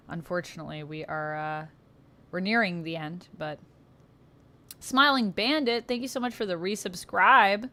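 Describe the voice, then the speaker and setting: A woman's voice: lowish voice, steady tone, moderate pace, vocal fry, bright, forceful tone. A woman chatting casually on a livestream while she colors, reading out and thanking viewers. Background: faint background music.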